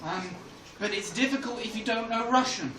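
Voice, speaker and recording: A man's voice: high voice, normal speed, a loud crowd. An English man doing stand-up comedy in a club, telling stories and laughing through his own jokes. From England. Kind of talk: stand-up storytelling. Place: club room with a live audience. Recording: echoey club from far off, noisy.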